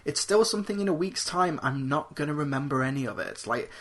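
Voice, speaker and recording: Male podcast co-host, slightly higher voice, casual rambling film critique with lots of restarts. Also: animated, a little fast, fairly bright tone. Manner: rambling, restarts often, quotes lines in put-on voices. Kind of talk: casual movie review chat.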